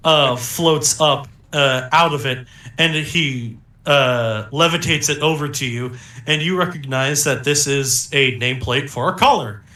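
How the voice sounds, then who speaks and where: A man's voice: mid-range voice, measured pace, bright, forceful tone, roomy sound. A young man narrating a tabletop game as game master, laid-back, with lots of fillers and little chuckles.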